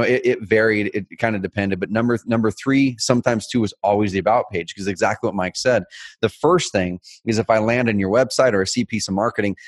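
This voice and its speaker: Man, low voice, rapid talk, dry close sound, energetic storyteller. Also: no echo. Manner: energetic, fast, animated storytelling. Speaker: co-host. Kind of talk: casual business chat.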